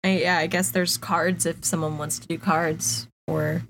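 A woman's voice: lowish voice, level tone, a little slow, vocal fry, a bit bright, a little hiss or hum. A woman playing a tabletop game, making dry, wry remarks in casual chat. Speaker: player.

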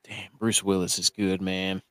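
A man's voice: sits low, level tone, measured pace, pushed and bright, dry recording. A man co-hosting a casual podcast, playful and teasing as he chats about movies. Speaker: podcast co-host.

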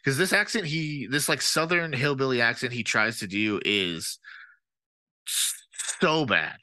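A man co-hosts a podcast, chatting casually about a movie in an animated, profane, rambling way with lots of fillers. His voice is medium-pitched, his pace measured, and there's no echo.

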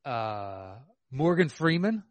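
Measured, hesitant man in dry room. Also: medium pitch, big pitch swings, dry recording. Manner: measured, hesitant, full of fillers. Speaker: podcast co-host. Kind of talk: casual movie chat.

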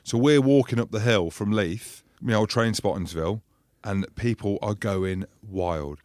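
A man co-hosting a podcast, telling lively anecdotes in casual banter and acting out the shouts of people in his stories. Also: fairly low pitch, moderate pace, no echo, studio quality. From Scotland. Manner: animated storyteller, acts out loud voices in anecdotes. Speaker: podcast co-host.

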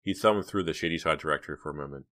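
Deep-voiced man reading an audiobook. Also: racing, fairly bright tone. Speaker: audiobook narrator.

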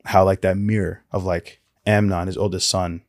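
A man with a fairly low voice talks through Bible stories in a loose, casual way. He fills his sentences with "like" and "right," and drops in quick acted lines for the people in the story. The sound is dry and close. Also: flat delivery, dry recording. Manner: retells stories with quick acted quotes and many fillers. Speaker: podcast co-host.

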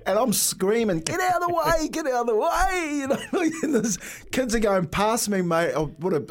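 Laughing New man telling a story. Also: fairly high pitch. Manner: laughing storyteller, says mate a lot. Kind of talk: casual radio chat, storytelling.

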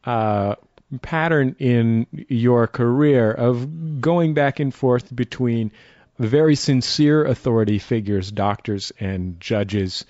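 A man hosting a radio interview show, asking measured, thoughtful questions and introducing his guest. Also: mid-range voice, a little mellow, dry recording. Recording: dry, slightly muffled studio audio.

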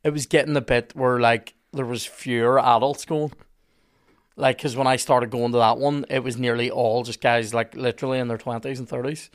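A man's voice: mid-range voice, little pitch movement, normal speed. A man with a Northern Irish accent, a comedian guest on a podcast, telling rambling stories with self-mocking humour in casual chat.

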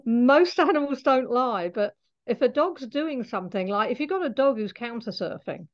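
A woman's voice: a little high, animated, moderate pace, slight background noise. Scottish woman guest, chatty, laughs easily, slightly dull lo-fi audio. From Scotland. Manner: chatty, laughs often, explains at length. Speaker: animal communicator guest. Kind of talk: interview conversation.

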